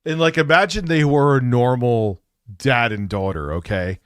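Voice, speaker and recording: A man's voice: medium pitch, normal speed, clean tone, no room sound. Male streamer, mocking and combative, dry mic. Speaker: livestream host. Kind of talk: reaction commentary on a livestream.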